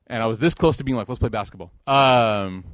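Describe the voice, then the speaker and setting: A man's voice: mid-range voice, fairly quick, fairly bright tone, dry recording. Male preacher, mid-range voice, conversational and joking, emotional on scripture, dry close sound. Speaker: speaker at a religious gathering. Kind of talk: informal sermon.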